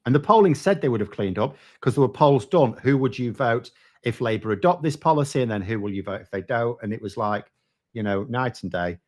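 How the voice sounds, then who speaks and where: A man co-hosting a political talk show, talking bluntly and swearing freely as he rants. His voice sits at an ordinary middle pitch. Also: animated, brisk, a little mellow. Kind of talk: casual political chat.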